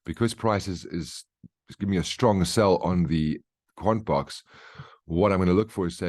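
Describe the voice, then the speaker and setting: A trading educator with a notably low, darkish voice walks through his trades as a chatty market briefing over charts. He explains each step in an easygoing, conversational way at a moderate pace, checking in often with short questions. The recording is dry and close, with no room sound.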